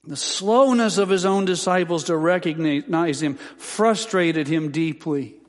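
A man preaching a sermon as pastor, building from calm teaching to emphatic, impassioned peaks. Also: a little high, unhurried, in a large hall.

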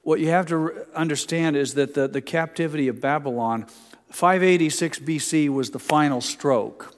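A man preaching a sermon in a conversational way, often slowing down and dropping to a hush for emphasis. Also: fairly high pitch, big-room sound. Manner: conversational preaching with many restarts, slows and hushes for emphasis. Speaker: pastor.

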